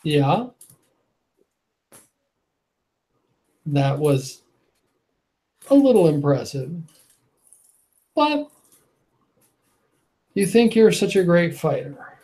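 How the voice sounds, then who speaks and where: A man voicing a cold, proud female Marazar interrogator who questions slowly and menacingly in a tabletop game. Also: on the high side, sing-song, mellow, heavily acted. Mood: demanding.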